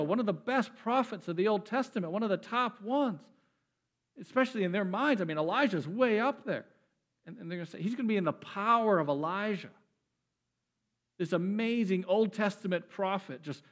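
A man preaching a sermon, animated and emphatic, often repeating words as he builds up. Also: high voice. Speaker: pastor.

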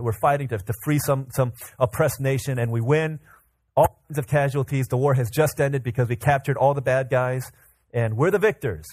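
A man preaching a casual, energetic sermon to a congregation, often repeating and restarting words as he tells everyday examples. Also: medium pitch, dry recording. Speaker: pastor. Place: church service with congregation.

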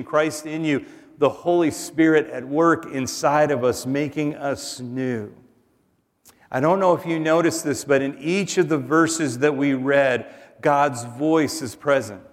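A man pastor preaching a sermon, earnest, and dropping to a soft hush on the tender lines. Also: mid-range voice, in a large hall.

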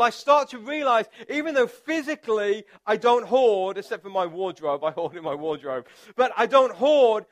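A pastor with a high-pitched voice gives an easygoing sermon in a conversational tone. Along the way he chats, makes fun of himself, and stumbles into fillers and restarts.

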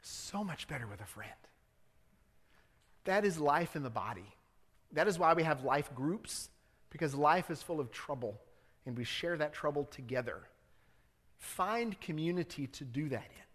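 A man's voice: on the high side, animated, normal speed, a bit bright, long reverb tail. A man preaching a sermon as the church's pastor, talking casually with the congregation and building to fervent appeals. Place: church sanctuary.

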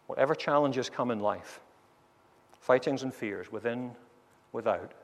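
A man's voice: medium pitch, unhurried. A man preaching a sermon to a congregation in earnest, varied tones, moving from story to prayer. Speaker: pastor. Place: church. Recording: long reverb of a large hall.

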